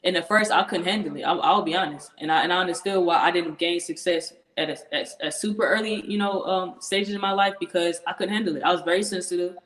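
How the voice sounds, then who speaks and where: A woman's voice: lowish voice, fairly even intonation, fast talker, few pauses, a bit bright. Earnest young woman in an echoey room. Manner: earnest, laughs often, repeats words. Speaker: interview guest, professional football player. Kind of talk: casual interview chat.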